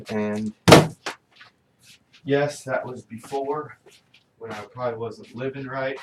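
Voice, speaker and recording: Unhurried and mid-range in pitch, this middle-aged vlogger talks frankly in his personal video diary, cursing frequently as he vents. Faint background noise comes through the distant microphone.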